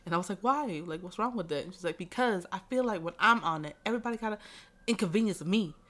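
A woman as a guest in a casual chat, telling stories in a relaxed way and laughing often. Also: medium pitch, fast.

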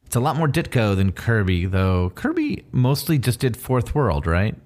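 A man's voice: medium pitch, wildly swooping pitch, moderate pace, a little mellow. A man co-hosting a podcast, chatting easily about comic books and laughing often as he adds details. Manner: easygoing, laughs often, adds facts to the talk. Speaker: podcast co-host. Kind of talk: casual comic book discussion.

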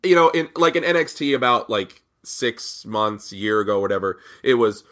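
A man co-hosting a casual podcast, talking haltingly and often restarting and repeating words. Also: medium pitch, lively intonation, fairly bright tone. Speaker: podcast co-host. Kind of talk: casual wrestling chat.

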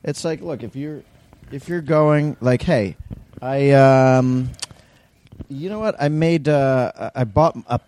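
A man's voice: mid-range voice, takes it slowly, a little mellow. A man co-hosting a podcast, reacting to his friend's story and teasing him in casual chat. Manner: responsive, teasing listener. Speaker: podcast co-host.

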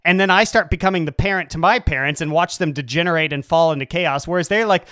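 A man co-hosting a casual comedy chat, ranting in a dark, sardonic and profane way. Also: on the high side, quick pace, few pauses, dry recording, studio quality. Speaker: podcast co-host.

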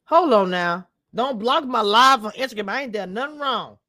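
A woman's voice: a little high, expressive, moderate pace, sharp tone, no echo, clean studio sound. A woman hosting a casual live stream, chatting straight to her viewers and laughing often as she talks. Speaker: live-stream show reviewer.

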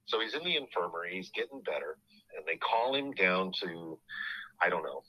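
A middle-aged man hosting a podcast, telling a family story in a halting, casual way full of restarts. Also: low-pitched, sing-song, muffled recording.

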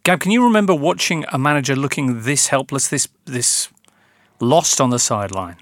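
Give me a measured man hosting a football chat, passing questions to his guests, recorded dry. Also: medium pitch, animated, a bit bright, dry recording. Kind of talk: casual podcast discussion.

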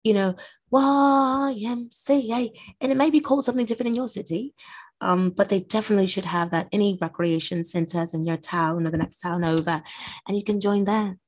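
A woman's voice: mid-range voice, fast, a little mellow. A woman hosting a podcast in casual, rambling chat, full of fillers and asides. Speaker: podcast host.

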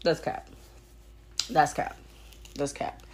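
A young woman hosting a solo podcast, telling a story in a blunt, profane, animated rant. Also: slow pace. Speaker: podcast host.

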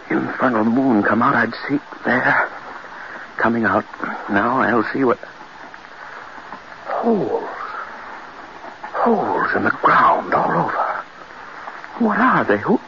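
A man's voice: mid-range voice, gravelly, heavily acted. An actor playing a guilt-stricken man driven half mad by horror, in 1940s radio acting, with a strained voice that breaks into anguished cries. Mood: tense. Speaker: Charles Prentice, a man haunted by his wife's death. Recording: muffled old radio recording, loud hiss.

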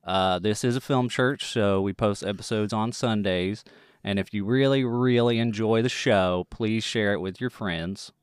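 A man's voice: fairly low pitch, measured pace, clean tone, dry recording, studio quality. Man hosting in a Texas drawl. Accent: East Texas. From East Texas. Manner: folksy, plays up a Texas drawl. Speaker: podcast host. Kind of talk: casual podcast chat.

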